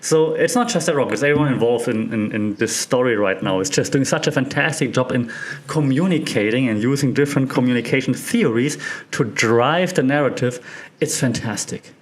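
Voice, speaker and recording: An animated man who teaches media studies, talking with real enthusiasm and breaking into laughter as he goes. His pitch sits in an ordinary male middle range. Now and then a small cough slips in. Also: a little fast. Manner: excited, animated, laughs often. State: occasional cough. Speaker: media professor. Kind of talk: enthusiastic commentary.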